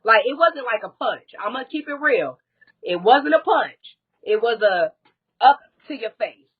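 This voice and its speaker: A woman speaks as a live-stream guest with a husky, breathy voice, talking candidly and bluntly and swearing freely. The audio is dull and lo-fi, typical of a streamed chat. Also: a little high, animated, unhurried. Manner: candid, blunt, swears often, rising to crying outbursts. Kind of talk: emotional personal story on a live stream.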